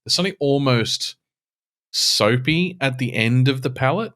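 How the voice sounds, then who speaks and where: Lively, bright-voiced Australian bloke. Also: male voice, medium pitch, measured pace. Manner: swears freely, laughs often. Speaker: podcast co-host. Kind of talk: casual beer podcast banter.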